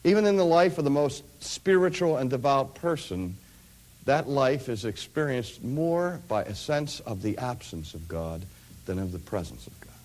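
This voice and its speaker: A middle-aged man preaching a sermon, dropping to hushed near-whispers and rising to loud, ringing peaks. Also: medium pitch, lively intonation, measured pace.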